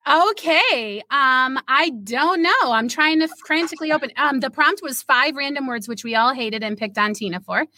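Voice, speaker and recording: A woman's voice: high-pitched, normal speed, hardly any pauses. A woman co-hosting a casual writing podcast, reading her own short story aloud and laughing at herself. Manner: animated reader, laughs at herself. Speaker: podcast co-host, writer.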